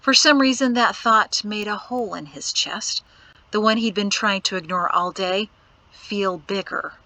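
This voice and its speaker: Bright, crisp woman reading an audiobook. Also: mid-range voice, measured pace, no room sound, low-quality recording. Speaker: audiobook narrator. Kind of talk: scripted narration.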